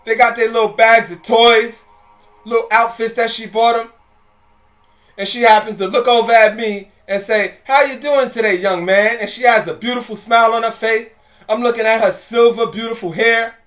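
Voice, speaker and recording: A man's voice: extremely high pitch, flat delivery, normal speed, a bit bright. A man telling a story to his audience in a casual, chatty way, talking to them directly and repeating phrases. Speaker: presenter.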